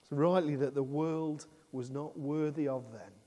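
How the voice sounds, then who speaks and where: A middle-aged man preaches in a high, light voice. He talks to his listeners easily, stops for rhetorical questions and acts out the lines he quotes. His voice rings with the long reverb of a big church hall. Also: steady tone, a little slow, dark tone. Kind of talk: sermon.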